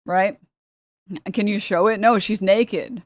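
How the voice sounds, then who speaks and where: A woman's voice: mid-range voice, steady tone, slow, no room sound. A woman streamer rambling through casual reaction commentary, cursing freely and breaking into laughs. The recording is dry and close, with no room sound. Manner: rambling, profane, laughing often.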